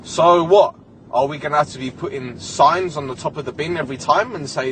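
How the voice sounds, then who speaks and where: A man's voice: a little high, a little fast, a bit bright, slight background noise. A young man hosting a podcast solo, telling a comic, exasperated story with a lot of swearing. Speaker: podcast host.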